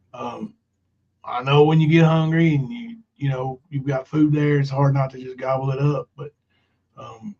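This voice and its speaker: A man's voice: on the high side, a little mellow. Man, livestream host, loose rambling delivery full of fillers, slightly muffled lo-fi sound. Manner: rambling, many fillers, reads viewer comments aloud. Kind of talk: casual livestream chat.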